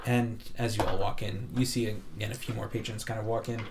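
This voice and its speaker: Man, game master, casual narration, lowish pitch, faint background noise. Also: fairly even intonation, brisk, creaky, hardly any pauses. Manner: casual, filler-heavy narration.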